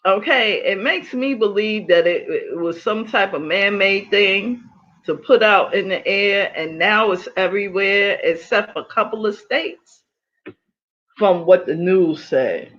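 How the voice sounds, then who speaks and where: A middle-aged woman hosting a casual livestream, talking in an animated way, laughing often and repeating her points for emphasis. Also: medium pitch, measured pace, muffled recording. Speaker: livestream host.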